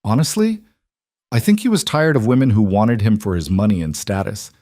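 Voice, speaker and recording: A nervous young working woman, as a male narrator voices her, answering plainly and keeping herself steady. The voice stays low and quiet, close to the mic with a dry sound. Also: normal speed, dry recording. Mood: candid.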